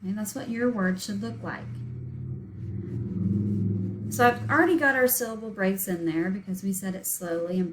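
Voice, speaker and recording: A woman's voice: mid-range voice, noisy background. A woman teaching a recorded spelling lesson, patiently sounding out words letter by letter and syllable by syllable.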